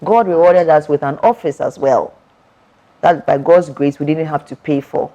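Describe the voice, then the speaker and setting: A woman speaks in a low voice with an emphatic, preacherly style. She repeats words for effect as she gives a testimony during an interview. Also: normal speed, mellow. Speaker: author and guest.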